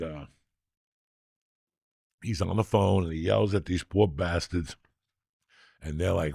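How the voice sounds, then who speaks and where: A man in his sixties hosting a podcast, telling stories casually in a profane, rowdy way that gets loud when he is excited. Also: sits low, no room sound, studio quality. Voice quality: gravelly. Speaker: podcast host.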